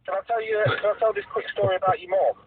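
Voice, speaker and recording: A man's voice: high voice, little pitch movement, very fast, crowd noise. A man co-hosting a podcast over a phone call, rambling and stammering in a casual chat. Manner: rambling, stammering, laughs easily. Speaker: podcast co-host. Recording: tinny phone line, dry.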